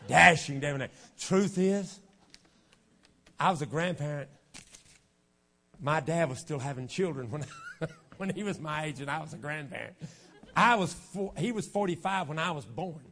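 A man in his fifties preaching a sermon as pastor, folksy and joking, swinging from quiet asides to shouting. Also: a little high, animated, normal speed, long pauses. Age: 50s.

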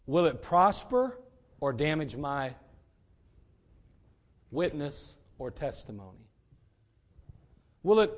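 A middle-aged male pastor preaching a sermon in a folksy way, with joking asides and repeated rhetorical questions. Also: a little high.

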